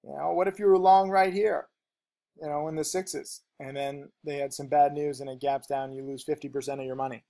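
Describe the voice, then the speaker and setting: A man with a somewhat higher-pitched voice teaching a casual trading lesson off the cuff. He talks rapidly and rambles, piling on fillers and restarting his sentences. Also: steady tone, gravelly, mellow.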